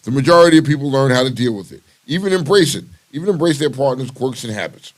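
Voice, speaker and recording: A male host of an uncensored talk show, with a lively voice that rises and falls a lot. He talks casually and swears freely, and he builds up his segments with showy introductions. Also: medium pitch, fast, few pauses. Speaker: podcast host.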